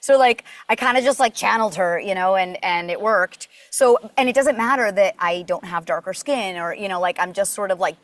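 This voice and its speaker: A woman's voice: mid-range voice, fairly quick, few pauses, no room sound. Chatty woman voice actor guest. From Puerto Rico. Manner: chatty, animated storytelling with many fillers. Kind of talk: casual interview chat.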